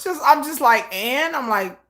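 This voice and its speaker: Chick ranting live on stream, super animated, high pitched, lots of swearing. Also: female voice, measured pace. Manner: exasperated, laughing asides. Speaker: reaction streamer. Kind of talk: live reaction commentary.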